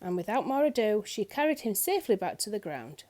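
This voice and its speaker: A woman reading a children's picture book aloud in an expressive storyteller's manner. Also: medium pitch, fairly quick. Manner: expressive, lilting.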